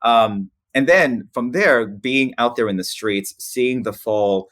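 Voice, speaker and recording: A man in his forties from the Philippines, a podcast guest telling personal stories in a lively, restart-filled way with frequent laughs. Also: lowish voice, no echo. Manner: animated, laughs often, many restarts. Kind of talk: casual storytelling interview.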